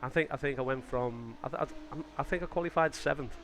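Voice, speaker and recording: A man's voice: medium pitch, fast talker, fairly bright tone. A young Australian man chatting casually on a live stream about a sim race, rambling and cutting himself off mid-sentence. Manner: chatty, rambling, self-interrupting.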